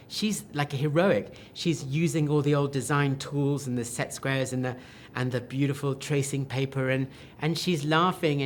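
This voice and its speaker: A man, a film director, answering interview questions with enthusiastic, animated talk full of restarts and quoted asides. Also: medium pitch, a little hiss or hum.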